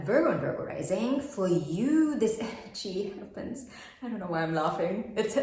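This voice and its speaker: A chatty woman talks through an astrology forecast and keeps asking rhetorical questions. Her voice sits at a middle pitch. The room around her rings with heavy echo. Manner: chatty, asks many rhetorical questions, laughs at herself. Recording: very echoey room.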